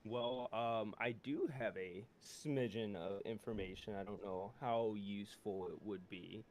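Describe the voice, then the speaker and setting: A man's voice: on the low side, unhurried, a little hiss or hum. A man playing in a tabletop game, asking questions and haggling casually. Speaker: player. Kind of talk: casual in-character bargaining.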